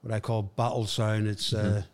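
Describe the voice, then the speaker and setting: A man's voice: fairly low pitch, level tone, normal speed, a little mellow. An older man with a Northern Irish accent, chatting plainly as a podcast guest and often repeating words as he searches for them. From Belfast, Northern Ireland. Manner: plain-spoken, repeats himself while finding words. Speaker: guest, former footballer. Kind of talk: casual podcast interview.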